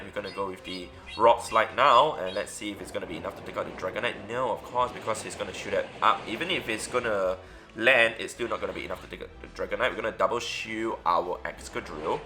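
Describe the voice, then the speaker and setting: Man calmly talking through a game. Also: lowish voice. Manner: relaxed, thinking aloud with fillers. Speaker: gaming YouTuber. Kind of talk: casual gameplay commentary.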